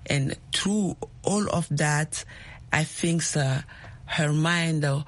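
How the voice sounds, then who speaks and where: A woman's voice: low voice, takes it slowly. A woman co-hosting a teaching chat, speaking hesitantly and searching for her words. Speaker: co-host from another program.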